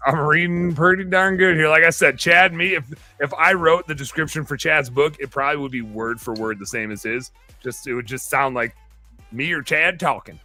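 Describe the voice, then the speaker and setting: A man's voice: medium pitch, moderate pace, pushed and bright, no room sound, soft background music. A man in his thirties hosting a podcast, rambling and self-mocking in casual banter. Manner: rambling, self-mocking, reads aloud in a jokey tone. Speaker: podcast host.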